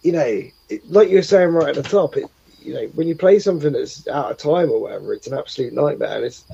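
Gravelly, mellow-voiced man, joking host. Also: a little high, expressive, fast. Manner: joking, rambling, teasing. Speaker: show host. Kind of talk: casual chat. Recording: dull lo-fi sound.

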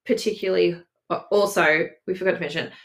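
A woman's voice: fairly low pitch, steady tone, fast talker. Giggly woman gushing over a book. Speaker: podcast co-host. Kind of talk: casual chat.

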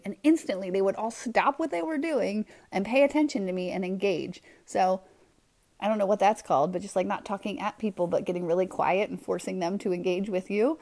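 A woman hosting a podcast, telling a story in a chatty, animated way with lots of fillers. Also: medium pitch, a little fast. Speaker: podcast host. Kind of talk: casual motivational talk.

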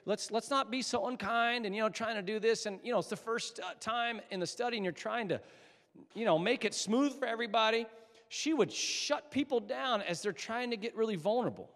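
A man preaching a sermon as a pastor, telling a personal story with an animated delivery that moves between loud emphasis and hushed tones. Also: high voice, a little fast, long reverb tail.

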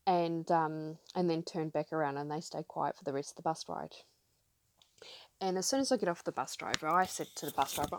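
Brief: woman podcast host, candid and emphatic, lowish voice, dry close sound. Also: fairly quick, no room sound. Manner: candid and emphatic, with frequent fillers. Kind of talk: casual personal storytelling.

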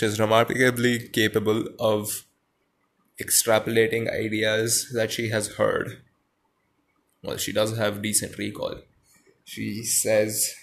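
A man reading a story aloud and pausing to muse on it, thinking aloud and correcting himself. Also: lowish voice, vocal fry. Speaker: reader and commentator.

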